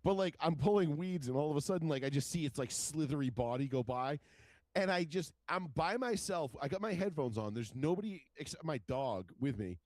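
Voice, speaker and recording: A man's voice: a little high, lively intonation, a little fast, darkish tone, no room sound. A man co-hosting a podcast in casual, profane chat, swearing constantly and laughing at his own stories. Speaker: podcast co-host.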